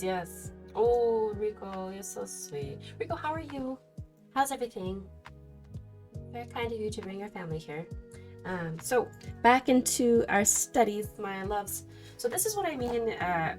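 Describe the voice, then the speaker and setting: A woman streaming a casual tarot study session, chatting warmly with her viewers and greeting them affectionately. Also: medium pitch. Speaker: streamer reading tarot cards. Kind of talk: casual livestream chat.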